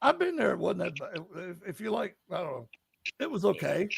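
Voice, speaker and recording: A man telling paranormal investigation stories, animated and laughing, in casual chat. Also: sits high, brisk, vocal fry, breathy edge. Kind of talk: casual storytelling on a live stream.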